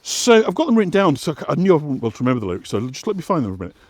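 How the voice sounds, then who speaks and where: Very fast and very animated, this man's voice sits on the high side as he explains things on an outdoor walk. He's a West Yorkshire vlog host and guide who rambles with fillers and restarts, captured in a dry recording.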